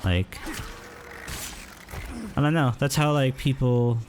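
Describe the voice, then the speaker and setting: A man streaming a horror game, chatting casually and hesitantly with many fillers, now and then yelling at the game. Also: slow, slight background noise. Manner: rambling, hesitant, lots of fillers; yelps at the game in a higher voice. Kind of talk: casual gameplay commentary.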